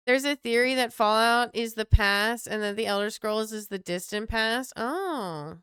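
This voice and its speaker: A woman's voice: a little high, slow pace, fairly bright tone, clear, resonant tone, no room sound, studio quality. A young woman streamer chatting casually with chatty, self-mocking asides. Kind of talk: casual live-stream chat.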